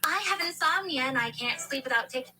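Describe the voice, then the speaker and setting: A woman voicing a greedy, cruel middle-aged aunt who gloats slowly. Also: high voice, lively intonation, bright, forceful tone, pitched above the performer's own voice, heavily acted. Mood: gloating. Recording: noisy background hiss.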